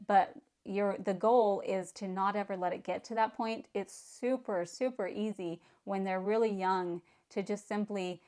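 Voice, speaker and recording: A woman's voice: medium pitch, measured pace, hardly any pauses. Frank middle-aged woman telling a parenting story. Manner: calm, frank, repeats words when starting sentences. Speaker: parenting vlogger. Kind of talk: casual storytelling to camera.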